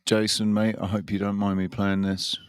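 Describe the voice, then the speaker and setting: A man's voice: lowish voice, level tone, moderate pace, smooth, no echo. A man hosting a casual livestream, chatting and greeting viewers by name. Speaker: livestream host. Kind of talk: casual chat.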